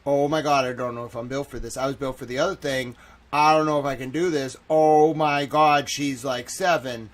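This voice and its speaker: A man hosting a live reaction stream, swearing freely and swinging between low mutters and loud exclamations. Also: fairly even intonation, normal speed.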